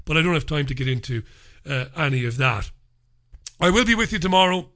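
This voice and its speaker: A man's voice: on the high side, lively intonation, fairly quick, fairly bright tone. A sick man hosting his own show, ranting in a heated, profane monologue. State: unwell with a lingering infection. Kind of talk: solo monologue, ranting commentary.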